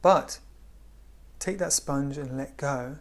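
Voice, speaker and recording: Male spiritual teacher, gentle and slow, hushed delivery, mid pitch. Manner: gentle, unhurried, often drops to a hush. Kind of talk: spiritual talk.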